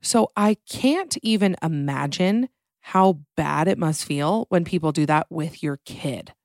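Host: young woman, lowish voice, dry close sound, playful chat. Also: unhurried, a little mellow, no echo. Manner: chatty, playful, with acted-out quotes. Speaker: podcast host. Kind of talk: casual podcast chat.

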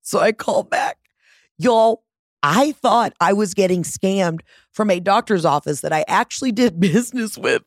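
A woman hosting a podcast, telling a story in a casual, animated and profane way, mocking herself, on a close studio mic. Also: mid-range voice, moderate pace, no room sound. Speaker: podcast host.

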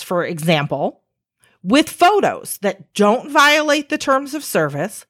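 A woman's voice: mid-range voice, fairly bright tone. A woman giving casual explanatory commentary, conversational and emphatic, with rhetorical asides to the listener.

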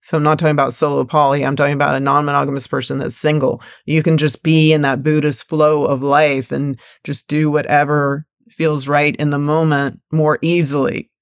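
Smooth-voiced woman thinking aloud. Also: low-pitched, flat delivery, normal speed, few pauses, no echo, studio quality. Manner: thinking aloud, steering the topic with examples. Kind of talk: relaxed conversational discussion.

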